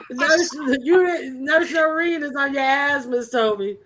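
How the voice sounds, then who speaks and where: A woman's voice: sits high, slow, fairly bright tone, slight background noise. A woman hosting a casual livestream panel chat, teasing her guests and laughing often. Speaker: livestream host.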